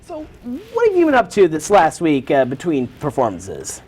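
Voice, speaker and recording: Woman hosting with a lively pitch. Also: normal speed, husky. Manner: mock-formal, dry comic delivery. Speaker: talk show host. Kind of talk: comedic late-night hosting.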